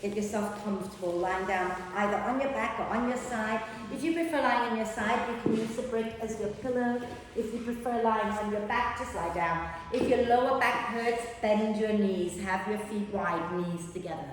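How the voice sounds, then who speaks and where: A woman yoga teacher giving slow, gentle breathing and relaxation instructions. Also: mid-range voice, recorded from a distance. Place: yoga studio. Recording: very echoey room with long reverb, faint noise.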